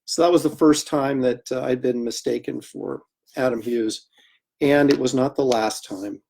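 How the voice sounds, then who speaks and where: Male artist host, casual storyteller, animated and self-deprecating, mid pitch, streamed from his drawing desk. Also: normal speed, vocal fry, husky. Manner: chatty, animated anecdotes with laughter and acted quotes. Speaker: comic artist hosting a livestream.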